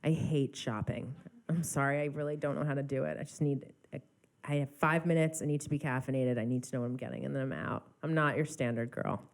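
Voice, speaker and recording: Low-voiced joking woman songwriter. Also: fast. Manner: animated, joking, self-deprecating storyteller. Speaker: songwriter and producer guest. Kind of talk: casual interview storytelling. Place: studio interview set.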